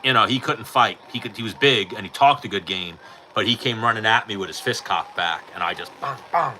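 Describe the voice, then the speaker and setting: A middle-aged man hosting a casual livestream chat, telling fight stories in an animated way, swearing freely and acting out what people said, into his own mic. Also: fairly low pitch, fairly quick, slight background noise, low-quality recording. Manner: animated storytelling, swears freely, acts out quotes. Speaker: livestream host. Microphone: personal mic.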